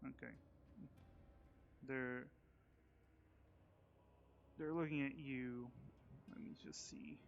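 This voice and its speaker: A man's voice: medium pitch, steady tone, very slow, pauses often, slight background noise. A man running a tabletop game as game master on a live stream, describing scenes and joking with players and chat. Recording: muffled lo-fi stream audio.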